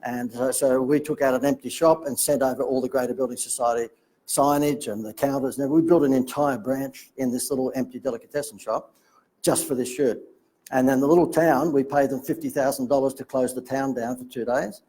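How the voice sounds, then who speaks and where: Husky Australian man telling stories. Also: mid-range voice, fairly quick, poor audio. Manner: chatty, animated anecdotes with asides. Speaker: marketing speaker telling a story. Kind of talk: casual storytelling talk.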